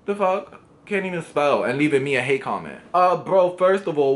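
A man's voice: on the high side, normal speed, few pauses. A young man from New York with a New York accent, reading comments to camera in an assertive, sassy way. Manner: assertive, sassy, animated delivery. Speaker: YouTuber.

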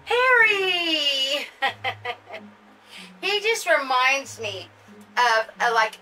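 A woman's voice: on the high side, pushed and bright, far from the mic, a little hiss or hum, low-quality recording. An older woman hosting a casual doll unboxing vlog, gushing and chatty as she talks straight to her viewers. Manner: gushing, chatty, addresses viewers as you guys. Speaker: doll channel host.

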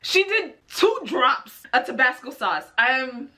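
Woman reacting to a video, bright voice, all over the place pitchwise, keeps asking why. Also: very animated, slow pace. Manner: exasperated, rambling, incredulous questions. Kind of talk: casual commentary.

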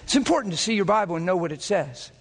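A man preaching a sermon in a church, impassioned and rapid-fire, his voice climbing toward near-shouting peaks. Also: high-pitched, sing-song, in a large hall.

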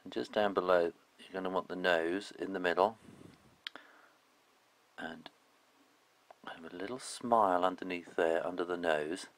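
Man, low voice, drawing tutorial, casual, lots of ums. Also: fairly even intonation, unhurried, long pauses, a bit bright, rough recording. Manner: casual and chatty, with frequent "um"s and loose phrasing. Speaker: illustrator teaching drawing.

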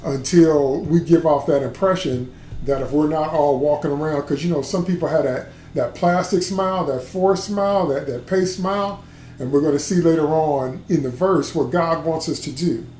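A man's voice: fairly high pitch, normal speed, a little mellow. Emphatic male preacher in an echoey room. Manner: emphatic, repeats key words, asks "okay?" often. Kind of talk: livestreamed sermon teaching. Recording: echoey room, faint background hum.

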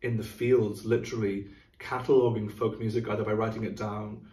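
Talking briskly about classical music in a relaxed way, a middle-aged, music-director-type man explains ideas thoughtfully and sings rhythms aloud. His voice sits on the low side with a level, warm tone, recorded from a distance in an echoey room.

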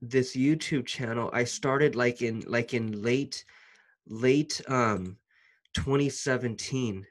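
An excited man talks straight to his viewers in a loose, slangy vlog style. His voice sits at an ordinary middle pitch, and he piles up restarts and casual filler as he gets fired up. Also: takes it slowly. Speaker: YouTuber. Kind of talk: casual vlog talk to camera.

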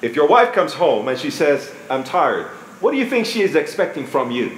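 A man giving a live seminar talk to an audience, playful and animated, teaching through examples. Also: on the high side, a little fast. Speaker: family seminar co-presenter. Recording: echoey hall with faint room noise.

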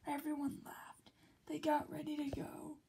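A woman reads a children's story aloud in a high, light voice. She takes her time, unhurried and gentle. Much of the narration falls to a soft whisper. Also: monotone, gravelly, a little hiss or hum, low-quality recording. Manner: slow and soft, often drops to a whisper. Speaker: reader of a children's book.

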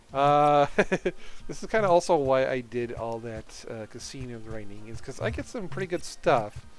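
A man giving casual, rambling commentary on a video game he is playing, chuckling as he goes. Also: medium pitch. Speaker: let's play host.

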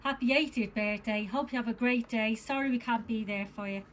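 A woman's voice: a little high, brisk, slight background noise. A woman giving her father an affectionate, giggly birthday greeting. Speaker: daughter sending a birthday message. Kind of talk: casual recorded greeting.

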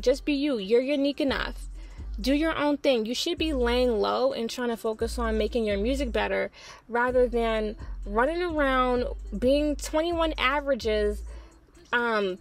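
A woman giving blunt, profane, exasperated pop culture commentary on her own. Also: a little high. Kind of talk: opinionated solo commentary.

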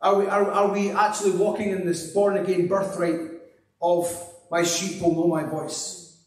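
A man's voice: sits high, little pitch movement, moderate pace. A Scottish man preaching a sermon and leading a prayer, with an earnest, repetitive preaching cadence. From Scotland. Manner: drops to a hushed voice in prayer. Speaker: pastor. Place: church hall. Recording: echoey hall, mic at a distance.

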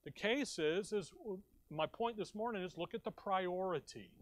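A man's voice: sits high, moderate pace, no echo. A man preaching a sermon from the pulpit, talking conversationally and rising to emphatic bursts. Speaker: pastor. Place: church sanctuary.

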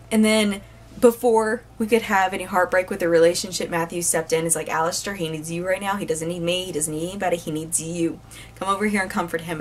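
Woman, casual book reviewer, animated, exasperated, rambling, quick to laugh. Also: mid-range voice, a little hiss or hum.

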